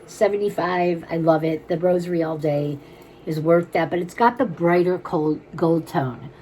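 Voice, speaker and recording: At home in a room crowded with items, a jewelry seller shows and prices pieces in a casual live sales chat, rambling and saying "like" a lot. Her voice is fairly low and mellow at a moderate pace, and the low-quality recording has a little hiss or hum.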